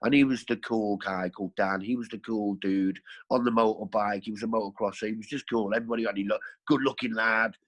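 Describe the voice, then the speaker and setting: A man's voice: fairly low pitch, fairly even intonation, fast, few pauses, low-quality recording. A man, a podcast guest, telling his life story in a rambling, earthy way, correcting himself as he goes. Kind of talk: candid storytelling.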